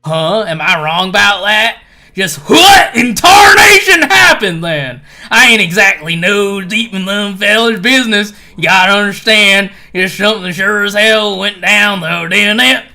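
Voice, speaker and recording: A streamer voicing a boisterous, booming male swordsman with a put-on Texan drawl, loud and brash with folksy cussing, reading game dialogue aloud. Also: expressive, unhurried, full character voice.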